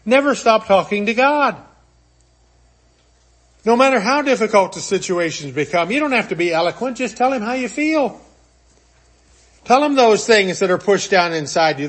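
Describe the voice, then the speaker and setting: High-voiced man preaching a sermon. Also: fairly bright tone. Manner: earnest, retells scripture with acted-out quotes.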